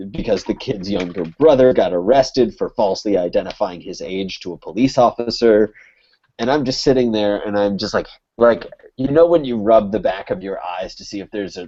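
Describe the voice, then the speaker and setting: On a dull, lo-fi podcast recording, a young Connecticut man with a lowish, dark voice spins a long story casually. He wanders as he goes, stuffing every gap with "like" and cursing without restraint.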